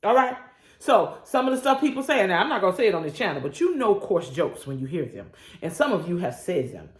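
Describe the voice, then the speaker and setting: A woman's voice: fairly low pitch, a little fast. Woman preaching her morning devotion, lots of call and response, voice bouncing up and down, echoey room. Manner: lively, call-and-response preaching with folksy asides. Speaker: host of a devotional channel. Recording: roomy echo.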